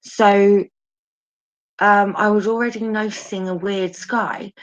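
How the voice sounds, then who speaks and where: A woman guest in a casual live chat, describing things in a reflective, drawn-out way over a video call. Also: mid-range voice, fairly even intonation, highs cut off.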